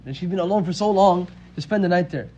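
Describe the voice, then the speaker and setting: A man's voice: high-pitched, fast, mellow, lightly acted. A man voicing a scheming male devil who coaxes someone into wrongdoing, talking in a casual, persuasive way, on a dull recording. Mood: coaxing. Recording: dull lo-fi audio with faint hiss.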